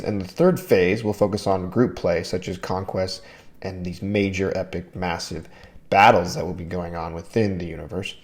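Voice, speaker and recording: A man's voice: lowish voice, a little mellow. A man hosting a crypto video channel, talking casually and enthusiastically to his viewers as he walks them through a topic. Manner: enthusiastic, addresses viewers as "you guys". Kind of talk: casual explainer talk to camera.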